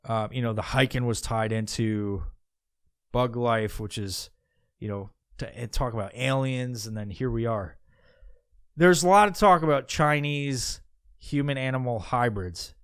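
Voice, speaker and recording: Podcast guy rambling and cursing, smooth clear voice, dry close sound. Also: medium pitch, a little slow, a bit bright, dry recording. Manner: meandering, profane, musing aloud with many restarts. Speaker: podcast host. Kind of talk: casual rambling monologue.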